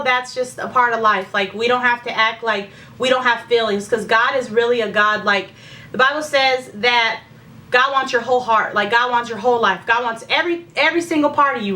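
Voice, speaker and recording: A woman's voice: a little high, bright, forceful tone, recorded from a distance. A young woman with heartburn chatting candidly through a pregnancy update, full of fillers and talk of faith. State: heartburn, secretly burping. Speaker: vlogger. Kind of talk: casual pregnancy update chat.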